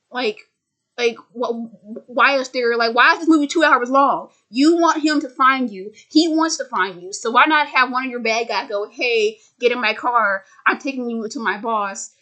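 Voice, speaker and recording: A woman's voice: a little high, sharp tone. Casual, sarcastic woman reviewing a movie. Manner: profane, sarcastic, stammers and restarts often. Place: small room at home.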